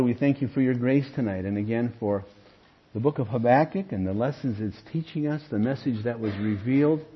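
Husky-voiced pastor, dull lo-fi recording. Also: male voice, mid-range voice. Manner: explanatory, keeps asking "okay?". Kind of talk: evening Bible study teaching.

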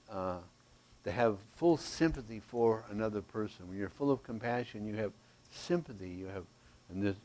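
A man preaching a sermon, teaching verse by verse in a slow, emphatic way and checking in with "Okay?". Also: medium pitch, darkish tone, poor audio. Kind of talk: expository sermon.

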